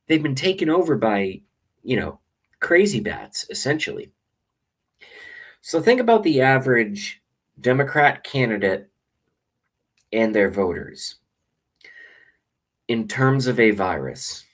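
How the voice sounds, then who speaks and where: A man's voice: mid-range voice, big pitch swings, slow, pauses often, fairly bright tone, rough recording. A man delivering a rambling, sarcastic and profane political rant to his webcam as a vlogger. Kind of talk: ranting monologue to camera.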